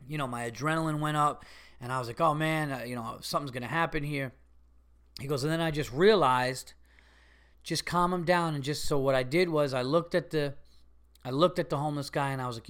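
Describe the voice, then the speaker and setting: A man's voice: a little high, brisk, smooth. A man, a comedian hosting his own podcast, telling a rambling story in casual monologue. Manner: rambling, animated, gets loud and exasperated telling a story.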